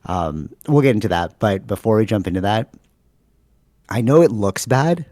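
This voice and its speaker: A man with a low, mellow voice and a Canadian accent, chatting casually on a podcast. He tells his stories with animated energy and fills them with "like" and "you know." The sound is dry, as if close to the mic. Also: normal speed, dry recording. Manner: animated storytelling, many fillers. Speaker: podcast host. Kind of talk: casual chat.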